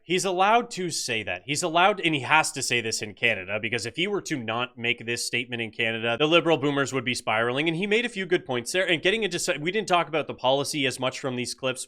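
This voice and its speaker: A man's voice: on the high side, animated, fast, hardly any pauses, pushed and bright. A man giving blunt, opinionated reaction commentary on political news clips.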